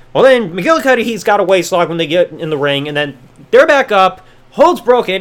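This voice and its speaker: Sarcastic, lively-voiced man. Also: high voice. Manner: sarcastic, profane, rambling. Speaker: podcast host. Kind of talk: wrestling review podcast.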